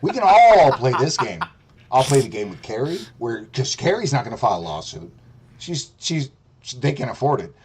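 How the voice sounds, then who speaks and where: A man's voice: medium pitch, sing-song, moderate pace, a little mellow, slight background noise. Profane, heated male streamer ranting. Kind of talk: ranting commentary.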